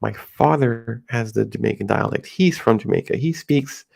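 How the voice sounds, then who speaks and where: A middle-aged American man talking casually in a rambling, halting monologue with many restarts. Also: lowish voice, gravelly, a little mellow, husky. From United States.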